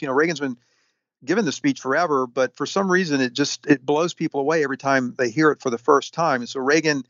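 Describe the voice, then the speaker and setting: A man answering interview questions at length, halting often with fillers and restarts. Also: mid-range voice, fairly bright tone, no room sound. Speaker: historian guest. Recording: dull, lo-fi sound.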